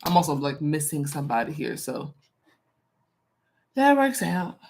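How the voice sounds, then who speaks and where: A woman's voice: sits low, very animated, a little slow, darkish tone. A woman doing a casual live-stream tarot reading, chatty with many fillers, reading viewer comments aloud. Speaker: tarot reader.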